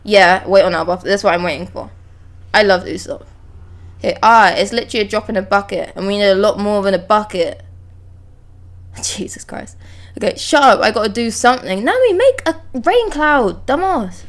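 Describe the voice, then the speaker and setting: A woman's voice: mid-range voice, normal speed, long pauses, a bit bright. A woman on a live stream talks casually into a close desk microphone. She is chatty and blunt, swears freely, and reads panels aloud in between her reactions. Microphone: close desk mic.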